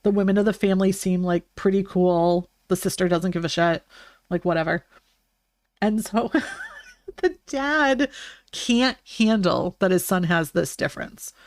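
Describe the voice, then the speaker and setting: A woman's voice: lowish voice, unhurried, no room sound. A young woman streaming live, chatting casually and rambling with lots of fillers and restarts.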